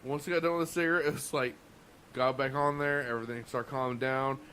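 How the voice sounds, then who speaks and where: A man's voice: medium pitch, steady tone, fast talker, bright, forceful tone, a little hiss or hum. A man co-hosting a casual podcast, telling rowdy restaurant stories with lots of swearing, restarts and laughter. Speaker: podcast co-host. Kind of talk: casual chat, swearing storytelling.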